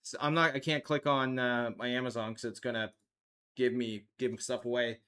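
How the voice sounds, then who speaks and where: A man's voice: medium pitch, flat delivery, moderate pace, pushed and bright, clear, resonant tone. A man hosting a live stream, chatting casually with his viewers and laughing often at a desk microphone. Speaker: livestream host.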